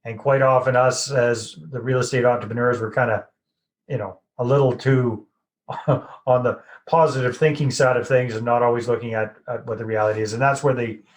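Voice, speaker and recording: A man's voice: mid-range voice, fairly even intonation, brisk, poor audio. A middle-aged man hosting a podcast, casually rephrasing and summing up his guest's points. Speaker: podcast host. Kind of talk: podcast interview.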